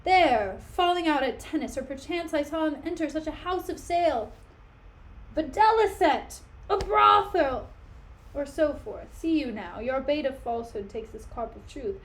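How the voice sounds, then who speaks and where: A long-winded old nobleman holds forth, rambling and forgetting where he left off, as a woman reads him out. The voice sits fairly high and bright. It is a plain dramatic reading of a stage play. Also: normal speed, hardly any pauses, lightly acted. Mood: pompous. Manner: wordy, forgetful, lecturing. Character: pompous rambling old male courtier.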